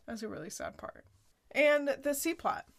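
Woman, podcast co-host, casual chat, animated retelling, slightly high pitch. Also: moderate pace, vocal fry, a little hiss or hum. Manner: animated retelling, full of "like" and laughter. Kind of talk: casual chat recapping a sitcom episode.

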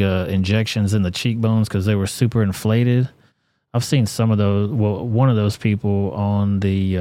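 A man's voice: on the low side, mellow, no echo. A man hosting a casual livestream, reacting to videos and reading chat with crude, blunt, profane talk. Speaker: livestream host.

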